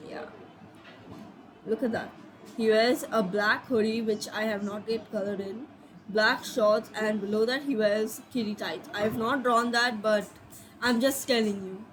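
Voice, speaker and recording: A woman's voice: fairly high pitch, fairly even intonation, a little slow, noisy background. Sleepy, rambling young woman storyteller. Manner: rambling, apologetic, trailing off. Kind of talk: casual fanfic storytelling.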